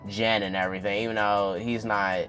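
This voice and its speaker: Casting: young man, low-pitched, chatty YouTube recap host, faint music underneath. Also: a little fast. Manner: animated, addresses viewers as y'all, swings up in pitch when excited. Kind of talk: casual episode recap.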